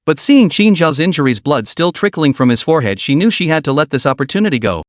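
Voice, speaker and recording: A man narrating a comic recap in a steady, dramatic storytelling manner. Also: a little high, fast, no echo, clean studio sound.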